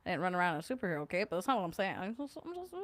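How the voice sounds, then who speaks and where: A woman's voice: lowish voice, sing-song, rapid-fire, fairly bright tone, no echo. A woman hosting a casual livestream, chatting with viewers. She reads their comments aloud, jokes and laughs often, and hums little filler tunes. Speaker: livestream host.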